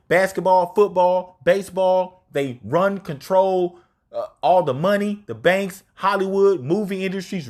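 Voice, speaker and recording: A man giving informal scripture teaching, reading a verse and then breaking it down in casual, slangy talk. His voice sits somewhat high and moves through a very lively pitch range. He leans hard on his points. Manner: casual, slangy, emphatic, reads verses aloud then paraphrases. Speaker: religious teacher.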